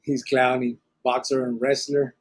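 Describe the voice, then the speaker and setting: Husky plainspoken man hosting a podcast. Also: medium pitch, flat delivery, a little slow. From Arizona. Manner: plainspoken, slangy, drops Spanish words. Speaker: podcast host. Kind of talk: casual live podcast chat, reading viewer comments.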